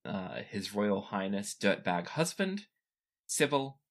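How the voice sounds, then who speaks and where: A man running a tabletop game as game master, narrating scenes and jumping into character voices. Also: slow pace. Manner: lively, animated narration that jumps up in pitch for characters.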